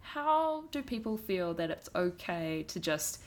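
A woman's voice: lowish voice, sing-song, unhurried, a little hiss or hum. A woman with a New Zealand accent, talking frankly and emphatically in a casual conversation. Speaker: guest.

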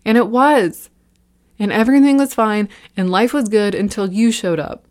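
A woman's voice: mid-range voice, normal speed, a little mellow, lightly acted. A woman reading a horror story and voicing a panicked young man who is near tears and bitter.

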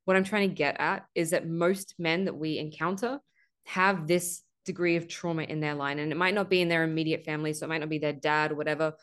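Low-voiced woman giving an earnest spiritual talk. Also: fairly even intonation, fairly quick, a bit bright, clear, resonant tone. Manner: earnest, repeats "right?" often, swears for emphasis. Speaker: podcast host. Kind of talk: spiritual monologue.

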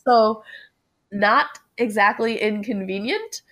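A woman guest, a cosplayer from Connecticut, telling a story in an animated way and laughing often. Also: medium pitch, slow. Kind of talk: casual podcast chat.

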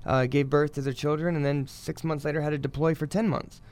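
A man's voice: a little high, flat delivery, a little fast, a little mellow. A man working as a navy public affairs officer, a guest on a radio show, speaking earnestly and promotionally with many fillers.

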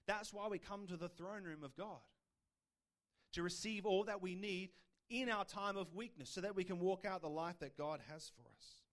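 A man's voice: high-pitched, moderate pace. A man preaching a sermon in a conversational style, asking the listeners rhetorical questions. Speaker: pastor.

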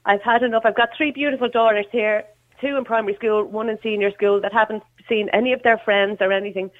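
A woman's voice: medium pitch, fairly even intonation, fast talker. An Irish woman calling in to a radio show, earnest and heartfelt, talking in a rush. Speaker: caller. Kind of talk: phone-in call. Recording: tinny phone line.

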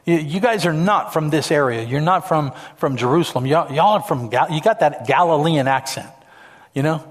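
A man's voice: a little high, moderate pace, long reverb tail, natural voice. A man voicing a curious young servant woman who questions someone, in a pointed, teasing way. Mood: prying.

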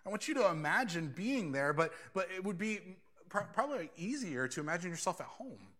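A man's voice: high voice, big pitch swings, a little fast, bright, forceful tone. A male pastor preaching a sermon in a conversational way, slipping into quoted voices as he tells the story.

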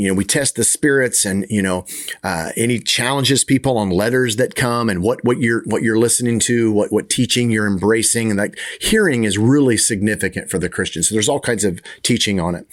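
A man with a fairly low voice teaches a sermon in an easygoing, conversational way. He often circles back, repeating words and restarting phrases as he works through his point. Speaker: preacher.

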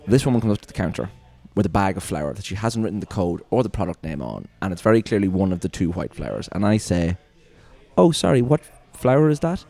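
A man's voice: sits low, fast, vocal fry. A man, hosting a podcast and telling funny, swearing-laden stories from work in a casual chat. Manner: swearing, animated storyteller acting out customers. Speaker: podcast host.

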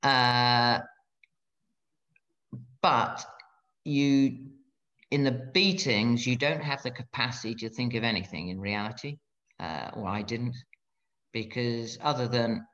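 Middle-aged man, interview guest, frank and blunt, stop-start phrasing, average pitch, muffled lo-fi capture. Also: fairly bright tone. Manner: blunt, frank, halting with restarts. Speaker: guest, former fighter pilot. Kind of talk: candid interview conversation. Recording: dull lo-fi sound.

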